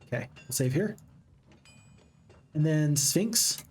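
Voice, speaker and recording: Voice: medium pitch, expressive, takes it slowly, husky. A gaming channel host giving upbeat, casual let's-play commentary and chatting with viewers.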